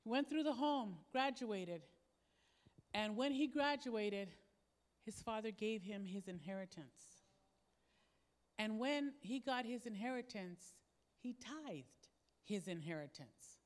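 A woman's voice: a little high, expressive, slow pace, long pauses. A woman pastor preaching a sermon, telling a personal story in a conversational way and acting out the dialogue. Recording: long hall reverb.

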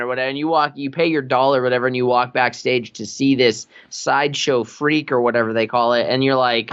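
A man's voice: medium pitch, brisk, hardly any pauses, a bit bright. Easygoing man telling stories, lo-fi sound. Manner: easygoing storyteller, laughs often. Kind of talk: casual chat.

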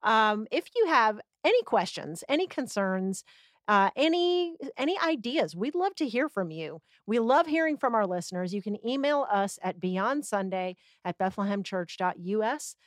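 A woman's voice: medium pitch, animated, no room sound, studio quality. A woman hosting a church podcast, affirming her guests and wrapping up the show with announcements. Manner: affirming, quick to agree and laugh along. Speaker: podcast host.

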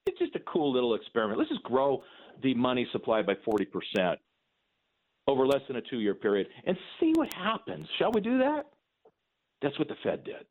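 A man's voice: mid-range voice, wildly swooping pitch, a little fast. A man hosting a call-in radio talk show, opinionated and emphatic, with mocking asides. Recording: phone-like narrow band.

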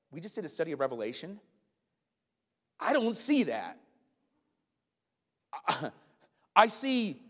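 A man with a high voice delivers an animated sermon, checking in with the congregation through quick rhetorical questions. His voice carries a long reverb, as if filling a large sanctuary. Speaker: pastor.

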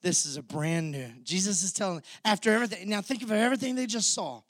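Male pastor, higher voice, dry close sound, vivid storytelling sermon with congregation call-outs. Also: fast, a bit bright, dry recording.

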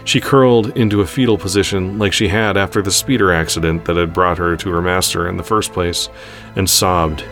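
A man narrates a space adventure story at an even, unhurried pace. His voice sits very low in pitch. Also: faint music behind.

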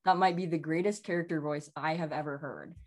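A woman who runs a tabletop game, chatting in a fairly monotone voice. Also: deep voice, brisk. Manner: self-described monotone. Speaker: game master. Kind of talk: casual chat.

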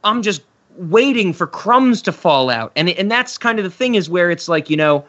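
Brief: bright, slightly high man, rambling film-podcast co-host, muffled audio. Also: animated, normal speed. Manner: rambling, restarts, acts out quotes. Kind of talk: casual film review chat.

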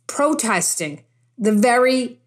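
Woman preacher with a slightly high voice, stressing points through repetition, chatty asides between verses. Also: lively intonation, slow pace. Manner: emphatic, repeats phrases for stress; conversational asides mixed with scripture. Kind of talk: sermon.

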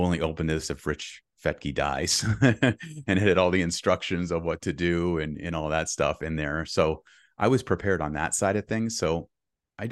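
Deep-voiced man recounting a health scare. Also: no echo, studio quality. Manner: earnest, reflective, with short laughs. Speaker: podcast guest. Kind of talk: conversational storytelling.

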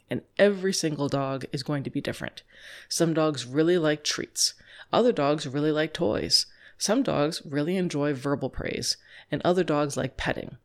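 A woman dog trainer explaining positive reinforcement, chatty and lively, laughing often and acting out little scenes. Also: sits low.

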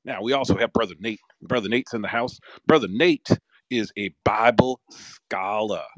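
A man putting on an old-timey television preacher voice, introducing guests in a drawn-out, sing-song cadence. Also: lowish voice, dry recording, lightly acted, low-quality recording. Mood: showy. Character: old-timey male TV preacher, booming and showy.

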